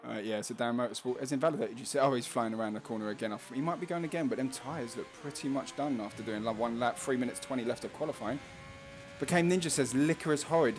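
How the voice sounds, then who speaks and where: A man's voice: medium pitch, fast, faint music behind. Chatty London man calling a sim race. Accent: London Cockney. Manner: chatty, jokey, reads out chat messages. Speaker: race commentator and stream host. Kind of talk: casual live race commentary.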